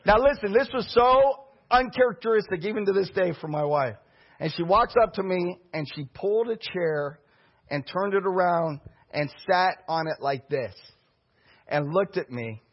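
A middle-aged man preaching a storytelling sermon as pastor, animated and bursting into shouts. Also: high-pitched, normal speed, breathy edge. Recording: dull lo-fi recording.

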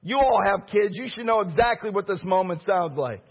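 A man's voice: high-pitched, expressive, fairly quick, hardly any pauses, slightly rough, highs cut off. A male pastor preaching a sermon with fervor and repeating key phrases for emphasis.

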